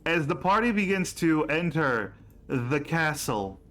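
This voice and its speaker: A man narrating as game master of a tabletop game on a livestream, relaxed with fillers and laughs. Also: fairly high pitch, measured pace.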